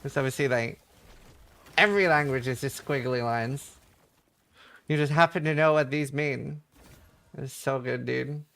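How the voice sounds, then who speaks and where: A man's voice: medium pitch, unhurried, vocal fry, pauses often, fairly bright tone. A man streaming, chatting casually and rambling through a funny story with laughs. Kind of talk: casual livestream chat.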